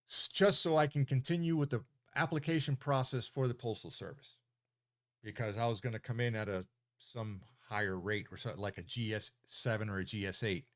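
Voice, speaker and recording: A man in his sixties, a military veteran, telling a rambling, profane story on his livestream with many fillers and restarts. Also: fairly low pitch.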